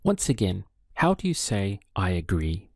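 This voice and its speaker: A man teaching a Spanish lesson, prompting the learner and then giving each answer slowly and deliberately. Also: low voice, sing-song, darkish tone, no room sound, studio quality. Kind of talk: slow spoken language lesson.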